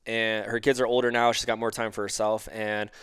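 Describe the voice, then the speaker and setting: A man's voice: on the low side, level tone, fairly quick, a bit bright, clear, resonant tone, dry recording, clean studio sound. A man on a podcast as a guest life coach. He explains ideas through examples and acts out the lines of the people he quotes. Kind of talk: conversational podcast interview.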